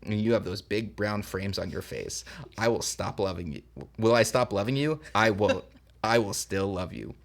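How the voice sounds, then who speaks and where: A man reads a charming young man in a script table read. He speaks low and earnest, tender and sure of himself, and never pushes the romance too hard. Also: normal speed, gravelly. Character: charming young man proposing to his girlfriend.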